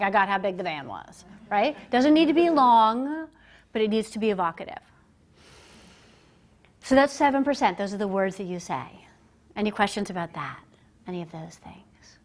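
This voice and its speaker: A woman at a middling pitch stands before a roomful of people as a communication coach. Her delivery is lively and chatty, and she slips into quick impressions of the voices she quotes. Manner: animated and conversational, acting out quoted voices. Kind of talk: live business presentation to an audience. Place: presentation room, speaking standing before a group.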